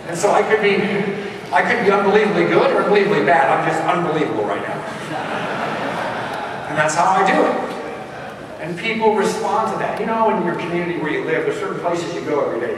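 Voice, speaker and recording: A man giving a live motivational keynote, punchy and energetic, talking straight to the crowd. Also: on the high side, slight background noise. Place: large event hall. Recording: echoey hall recorded from far off.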